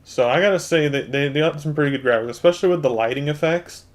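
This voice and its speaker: A man's voice: a little high, fast talker. A man hosting a gaming channel, chatting casually as he plays a computer game and explains the controls to his viewers. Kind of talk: casual let's-play commentary.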